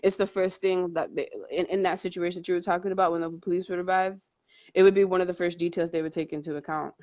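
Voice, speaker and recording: A woman's voice: lowish voice, little pitch movement, fast talker, darkish tone, no room sound, dull audio. A woman speaking as a guest in a casual podcast chat, making her points bluntly and with conviction.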